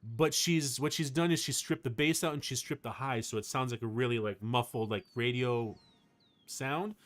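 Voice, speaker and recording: A man livestreaming, chatting casually with his viewers in a rambling, excitable way, full of fillers. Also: medium pitch, moderate pace, soft background music. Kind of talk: casual chat to a live chat.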